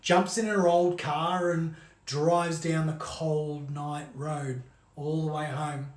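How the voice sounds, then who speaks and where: A storyteller tells a scary tale in a casual, chatty way and leans on "like" as a filler. The voice sits in the middle of the pitch range. The room sounds echoey. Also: flat delivery, slow pace. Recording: roomy echo.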